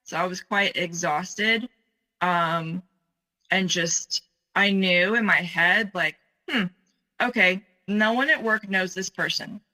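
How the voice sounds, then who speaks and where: A middle-aged woman telling her own story in a halting way, with many fillers and pauses. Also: fairly low pitch, bright, forceful tone, poor audio. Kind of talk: personal storytelling.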